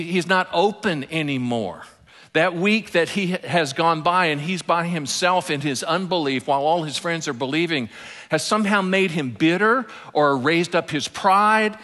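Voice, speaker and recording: A man preaching a sermon, telling stories and dropping into soft, intimate asides. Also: medium pitch. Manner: animated storytelling preacher, drops to soft asides. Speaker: pastor. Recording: long hall reverb.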